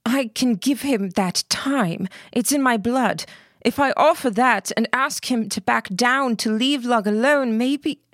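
A woman voicing a frightened young girl who stammers and rushes her words as she pleads. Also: a little high, fairly bright tone, no room sound, studio quality, pitched above the performer's own voice. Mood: urgent pleading.

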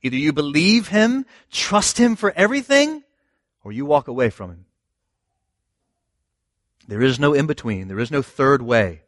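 A man's voice: mid-range voice, big pitch swings, moderate pace, long pauses, no echo, clean studio sound. Man preaching a conversational sermon. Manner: conversational and emphatic, with rhetorical questions. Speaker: pastor.

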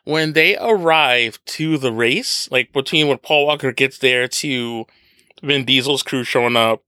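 A man co-hosting a casual film review podcast, animated and joking, with playful mock impressions. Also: medium pitch, unhurried, clear, resonant tone, no room sound. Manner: animated, laughs often, does mock impressions. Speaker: podcast co-host.

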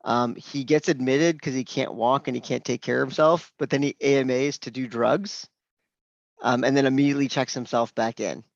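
Gravelly man telling a story over a call. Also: medium pitch, moderate pace, no room sound. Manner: animated, acts out quoted dialogue. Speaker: physician. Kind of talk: storytelling at an open mic. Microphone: video call. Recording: dull, dry virtual-call audio.

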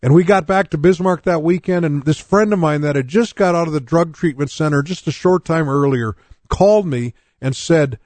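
Speaking at a moderate pace in a slightly high, slightly mellow voice, a man in his sixties preaches. The recording has no echo, and his personal testimony sermon tells his own conversion story in plain, earnest terms, aimed straight at his listeners.

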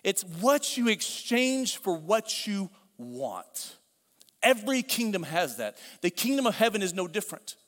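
Middle-aged male pastor, high voice, chatty preaching with repetition, church hall with long reverb. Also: big pitch swings, a little slow, fairly bright tone. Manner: conversational preaching with repeated phrases and asides. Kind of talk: sermon.

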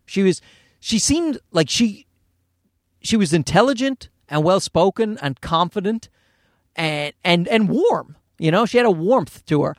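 A man telling a comedy story about his own child, swearing freely and breaking into ranting asides. His voice sits high for a man and swings widely in pitch. The sound is dry and close, with no room around it. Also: measured pace, no room sound. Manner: animated, profane, ranting asides. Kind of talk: comedic monologue.

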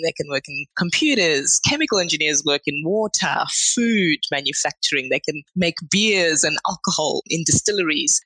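A woman's voice: low-pitched, sharp tone, breathy edge, dry recording, low-quality recording. A woman with an Australian accent, a guest engineer answering interview questions in a friendly way. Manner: friendly, laughs often.

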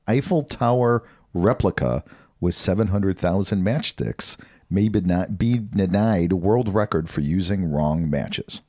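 A man's voice: low-pitched, unhurried, mellow. A man co-hosting a podcast, chatting casually and reading out odd news stories, laughing and stumbling over words. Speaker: podcast co-host.

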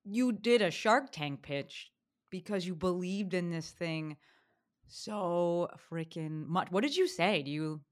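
A woman hosting a podcast interview, enthusiastic and full of praise, quickly asking follow-up questions. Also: lowish voice. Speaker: podcast host. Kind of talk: casual interview conversation.

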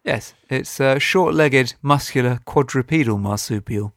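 A man's voice: medium pitch, a little slow, vocal fry, no echo. A man co-hosting a comedic chat show, talking in a wry, dry and hesitant manner. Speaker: podcast co-host.

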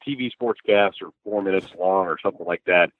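Low-voiced sportscaster on a tinny phone line. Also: male voice, a little fast, no echo. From American Midwest. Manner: animated storyteller, frequent restarts and laughs. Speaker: sportscaster guest. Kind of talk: conversational interview storytelling. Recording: dry, phone-like narrow line.

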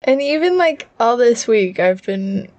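A woman with a Utah accent co-hosting a podcast, chatting in a quick, animated and playful way. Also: fairly high pitch. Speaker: podcast co-host. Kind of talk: casual chat.

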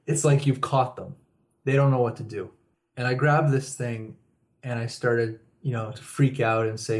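Man, radio interview guest, mid-range pitch, storytelling, laughs between phrases. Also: fairly even intonation, moderate pace, darkish tone. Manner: chuckles often while telling stories. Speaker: guest author.

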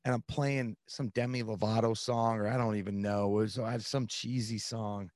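A man in his thirties, a podcast guest, telling his own story in an earnest, animated way with plenty of "like" fillers. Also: lowish voice, normal speed, no room sound, clean studio sound. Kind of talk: candid storytelling.

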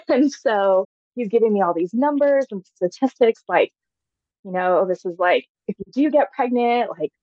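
A woman's voice: a little high, animated, normal speed, mellow, no room sound, muffled recording. Chatty woman telling her story, dry sound. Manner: chatty, heavy use of "like" fillers, laughs often. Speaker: podcast guest. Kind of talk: casual personal storytelling.

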